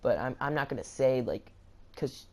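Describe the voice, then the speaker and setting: A man's voice: mid-range voice, animated, normal speed, darkish tone. A young man telling a storytime anecdote to his viewers, rambling and stammering with many restarts and "like" fillers. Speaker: vlogger. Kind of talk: storytime vlog.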